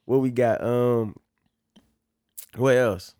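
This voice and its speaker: A man's voice: medium pitch, slow, darkish tone, clean tone, dry recording, clean studio sound. A man with a Louisiana accent hosting a casual podcast, joking and slangy. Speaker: podcast host.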